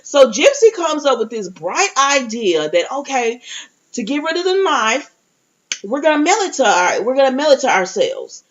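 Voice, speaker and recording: A woman's voice: high-pitched, sing-song, moderate pace. A woman giving a casual recap and review of a TV episode, speaking directly to her viewers and often restarting her sentences. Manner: chatty, talks to viewers directly, many restarts. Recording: dull lo-fi audio.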